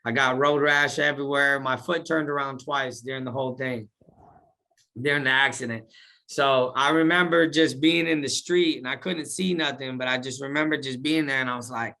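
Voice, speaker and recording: In a casual interview, a man with a medium-pitched voice recounts his life story at normal speed. He's animated and slangy, acting out the things he said back then.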